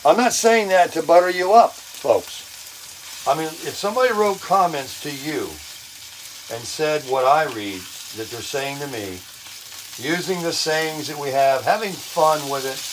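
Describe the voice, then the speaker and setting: Chatty older man, slightly hoarse. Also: a little high, a little slow, noisy background. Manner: upbeat, chatty, self-amused. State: voice a bit hoarse, clearing throat. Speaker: vlog host. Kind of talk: casual chat while cooking. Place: camper kitchen. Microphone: phone on a selfie stick. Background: bacon frying.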